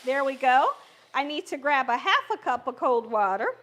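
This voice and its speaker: A woman's voice: sits high, big pitch swings, moderate pace, fairly bright tone, a little hiss or hum. A woman hosting a live cooking stream from her home kitchen, chatty and encouraging, talking straight to her viewers. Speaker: cooking channel host.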